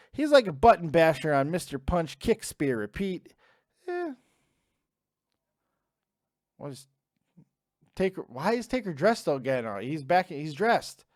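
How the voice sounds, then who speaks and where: A young man hosts a live stream, reading out chat names and answering in a loose, profane, casual way. His voice sits a touch high and swings up and down a lot. The sound is dry and close. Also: a little mellow, no room sound. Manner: casual, swears freely, reads chat names aloud.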